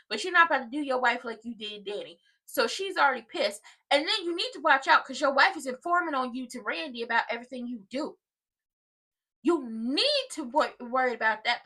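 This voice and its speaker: Woman commentator, sassy and colloquial, high bright voice; live watchalong reactor. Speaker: commentator reacting to a soap opera.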